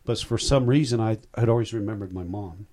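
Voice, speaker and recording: Older male guest in his sixties, low voice, rambling and heartfelt personal storyteller. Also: brisk, darkish tone. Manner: rambling, heartfelt, self-interrupting.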